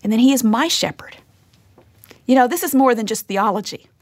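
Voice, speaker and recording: A woman teaching a sermon, earnest, often dropping to a hushed whisper to stress a point. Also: fairly high pitch, lively intonation, a little fast, no echo. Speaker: Bible teacher.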